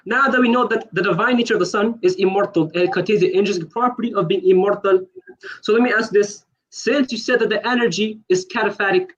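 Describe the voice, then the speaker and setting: A man in a heated online debate, pressing his questions fast and insistently, talking over the other side. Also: sits high, muffled recording.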